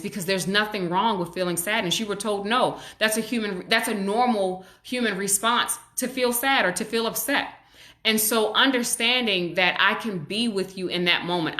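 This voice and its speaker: Bright-voiced woman hosting a live parenting talk. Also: medium pitch, echoey room. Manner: warm, reassuring, acts out parent and child voices. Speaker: child psychologist hosting a live stream. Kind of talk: live-stream parenting talk answering viewers. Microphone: webcam or phone on a live stream.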